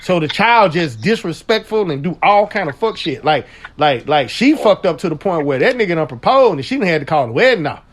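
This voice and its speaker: A man's voice: fairly high pitch, brisk. A man hosting a radio talk show, telling stories in crude slang with a lot of laughter. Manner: animated storytelling, frequent laughter, crude slang. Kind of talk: casual chat.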